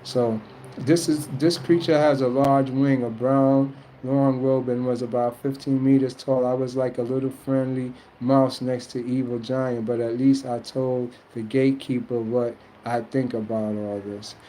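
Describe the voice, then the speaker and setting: A man's voice: flat delivery, measured pace, warm tone, slight background noise, rough recording. A man talking casually and earnestly about spiritual journeys to his viewers, rambling and colloquial. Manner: rambling, earnest, colloquial, quotes others in high mock voices. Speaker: spiritual streamer answering chat.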